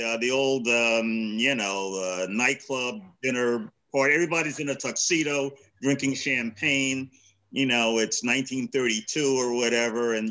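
A man's voice: mid-range voice, bright, forceful tone, rough recording. A man presenting a discussion series, talking in a thoughtful, hesitant way with restarts over a video call. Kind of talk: casual group discussion.

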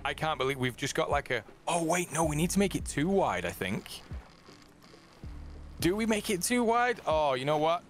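A man's voice: fairly high pitch, sing-song, moderate pace, soft background music. A man hosting a casual co-op survival game session, teasing his friend and laughing often. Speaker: gaming channel host. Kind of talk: casual co-op gameplay chat.

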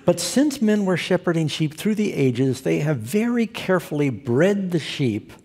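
A man's voice: a little high, big pitch swings, moderate pace, a little mellow, husky. A male pastor preaching a sermon, telling stories with humor and asking his listeners questions. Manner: humorous storytelling preacher who asks the audience questions.

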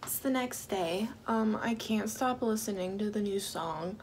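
A young woman in a casual reaction vlog, often whispering, excited and swearing. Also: medium pitch, a little slow, over music. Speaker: vlogger reacting to a music video.

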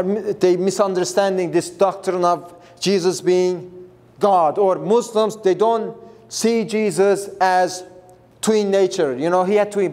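With a high, darkish voice, a man teaches a Bible lesson earnestly and emphatically, repeating himself and restarting phrases as he explains.

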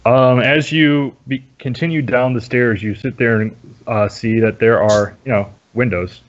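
A man with a mid-range voice narrates a tabletop game as dungeon master, relaxed and halting, with many fillers. The audio is dull and lo-fi.

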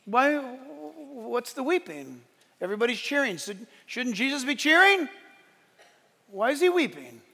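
A man preaching a lively sermon in a church with a very high, bright and forceful voice. He jokes and acts out the quotes he reads. His words ring with a long hall reverb. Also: measured pace, vocal fry, husky. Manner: animated, joking, acts out quotes. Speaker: pastor. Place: church sanctuary.

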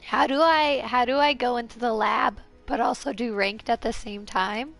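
A woman game streamer chatting casually with her viewers, her voice congested and hoarse from a sinus infection, bubbly and giggly as she greets everyone. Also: on the high side, moderate pace, a bit bright. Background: faint game music.

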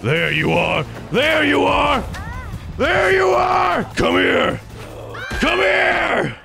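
A man voicing a spiteful, vengeful old grandmother in a video game with a creaky, cackling manner. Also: a little high, huge pitch swings, sharp tone, faint music behind, pitched above the performer's own voice, heavily acted. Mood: taunting. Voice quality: creaky, crackly old-lady voice. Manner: drawn-out taunting, cackling.

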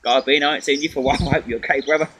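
A man recording a rambling, profane vlog outdoors in a snowy garden, coughing often as he gives shout-outs. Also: on the high side, fairly even intonation, very fast. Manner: profane, rambling, swears constantly. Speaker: vlogger. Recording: loud wind noise outdoors.

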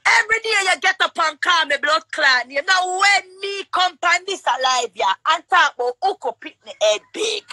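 A woman with a Jamaican accent shouting and cursing in a heated livestream quarrel. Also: extremely high pitch, lively intonation, no room sound. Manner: shouting, cursing, rapid-fire. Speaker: livestream guest.

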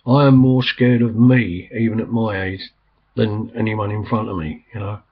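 A man's voice: fairly low pitch, steady tone, normal speed, husky. An older man rambling in casual talk, full of ums and restarts. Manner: meandering, many ums and restarts. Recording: slightly dull, lo-fi recording.

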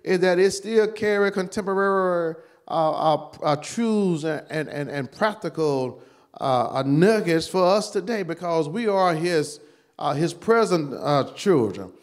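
A man in the role of pastor, teaching a church Bible study at an unhurried, deliberate pace. His speech halts often, with repeated words and many fillers. When something stirs him he pushes up in pitch and volume. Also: animated.

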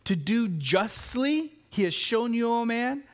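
A man, a pastor and parent, preaching an animated sermon that swings between loud exclamations and quiet, slowed emphasis, often repeating his words. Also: very high voice. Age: adult with children.

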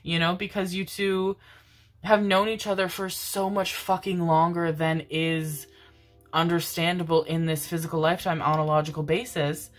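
A woman with a notably low voice talks through a tarot reading in a loose, rambling way, full of fillers and tender pet names. Soft music plays faintly in the background. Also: level tone, moderate pace. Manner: rambling, affectionate, swears casually, many fillers. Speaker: tarot reader. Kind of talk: casual intuitive reading monologue.

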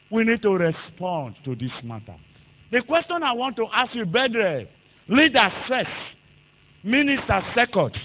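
High-voiced, bright preacher. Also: male voice, no echo, rough recording. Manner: fervent preaching, swings from hushed asides to loud shouted exhortation. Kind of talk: sermon.

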